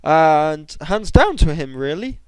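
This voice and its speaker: A young man giving excitable commentary over his own game, bursting into high shouts at times. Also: slow, clear, resonant tone, dry recording, low-quality recording. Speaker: gamer. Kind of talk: gameplay commentary.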